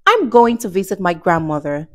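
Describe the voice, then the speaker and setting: A woman voicing a polite, trusting little girl in a read-aloud storybook, speaking brightly and earnestly. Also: fairly low pitch, sing-song, moderate pace.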